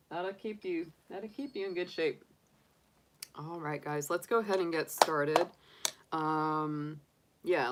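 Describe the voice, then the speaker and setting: A woman in her forties, a tarot reader chatting casually on a live stream and laughing often. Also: lowish voice. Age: 40s.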